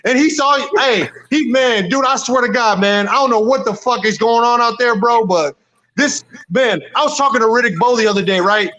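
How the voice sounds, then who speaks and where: A man's voice: very high voice, moderate pace, pushed and bright, poor audio. A man, a boxer, ranting angrily and profanely, rambling with many restarts. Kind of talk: heated rant.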